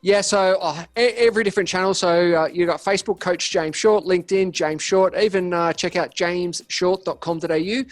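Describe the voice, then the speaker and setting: Lively, high-voiced Australian man. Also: normal speed, few pauses, no room sound, faint music behind. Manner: energetic storytelling, acts out quoted dialogue. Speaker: podcast guest, business coach. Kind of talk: casual interview talk.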